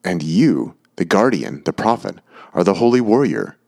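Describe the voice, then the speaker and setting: Brief: fanatical woman artist, preaching conviction, audiobook reading by a very deep-voiced man. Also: lively intonation, moderate pace, full character voice. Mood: fervent.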